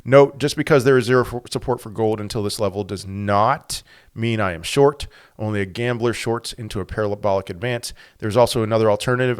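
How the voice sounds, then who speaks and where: A man hosting a crypto channel, giving animated, conversational market commentary full of rhetorical questions. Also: fairly low pitch, clean tone.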